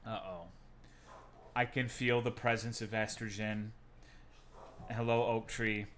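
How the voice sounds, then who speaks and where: A man's voice: lowish voice, little pitch movement, slow, fairly bright tone, slight background noise. A man streaming from home, chatting casually with his viewers in a profane, self-mocking, joking way.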